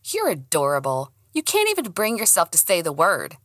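A woman plays a teasing young man who keeps things playful. The voice is lifted a little above her own, with a bright, crisp tone. The recording is dry and close. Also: lowish voice, huge pitch swings, normal speed, no room sound.

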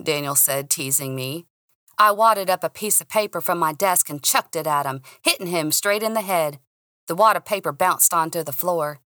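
A young adult woman narrating a mystery story podcast in the first person, expressive and lively. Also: deep voice, normal speed, no room sound, studio quality.

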